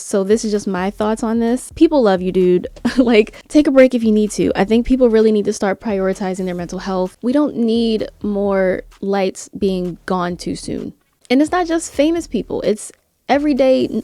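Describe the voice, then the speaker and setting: An earnest woman speaks conversationally to her viewers, full of "like" and quick restarts. Her voice is mellow and relaxed, recorded close and dry with no room sound. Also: mid-range voice, dry recording. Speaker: vlogger. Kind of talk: casual commentary vlog.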